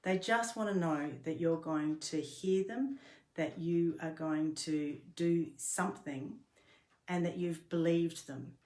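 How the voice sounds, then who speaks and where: A middle-aged woman with a low voice gives a workplace training talk. She explains earnestly and patiently, now and then stumbling and restarting a phrase. The room around her rings with a noticeable echo. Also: slow pace, a little mellow. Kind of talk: instructional talk to camera. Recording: roomy echo.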